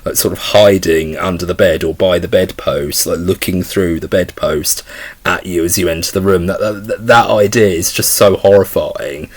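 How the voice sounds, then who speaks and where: A young man with a low voice talks through a film review off the cuff. He rambles, stumbles over restarts and leans on fillers as he goes. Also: moderate pace. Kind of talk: casual spoken film review.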